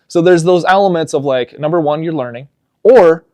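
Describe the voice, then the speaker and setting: A young man coaching on fitness in casual podcast chat, telling stories with animated energy and getting loud when excited. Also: on the high side, moderate pace, dry recording.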